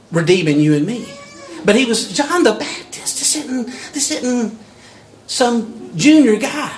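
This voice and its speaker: Male pastor mid-sermon, animated storyteller, higher-pitched voice, faint noise behind. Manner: animated, storytelling, repeats words when building up.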